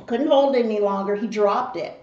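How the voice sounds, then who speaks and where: A mukbang host, an adult mother, tells a story on her eating show and animatedly acts out the voices of the people in it. Her voice is medium-pitched and fairly quick. It's a roomy, slightly dull home recording.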